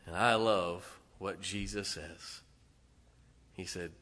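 A male preacher delivering a sermon, retelling a story dramatically with sudden loud swells and hushed drops. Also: low-pitched, steady tone, takes it slowly.

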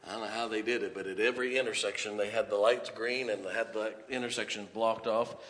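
A preacher recounts a personal story from the pulpit, a man's voice bright and pushing forward. He tells it as a lively storyteller who laughs at his own tale. His words ring out with the long echo of a large hall. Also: on the low side, fast. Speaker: preacher giving a testimony.

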